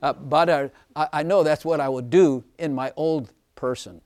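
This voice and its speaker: A man preaching an informal sermon, chatty and often laughing, slowing down to stress scripture lines. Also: fairly high pitch, darkish tone.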